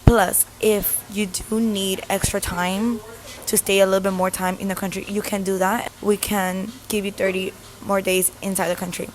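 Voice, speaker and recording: A woman in her twenties from the US telling a story in a chatty, animated vlog with lots of fillers. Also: medium pitch, normal speed, slight background noise. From United States. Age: 20s. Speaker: vlogger.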